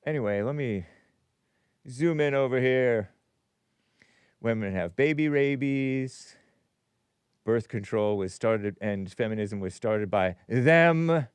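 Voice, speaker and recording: Slowly, with long pauses, a male podcast host in a clear, resonant medium-pitched voice reads viewer messages on his call-in talk show. His casual monologue rambles animatedly, with frequent self-interruptions and restarts. The recording is dry.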